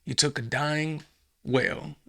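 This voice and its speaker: Guy on a podcast riffing and swearing, sarcastic, gravelly voice. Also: fairly high pitch, fairly even intonation, unhurried, pushed and bright. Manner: profane, sarcastic, rambling riffs. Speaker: podcast host. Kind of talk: comedic monologue.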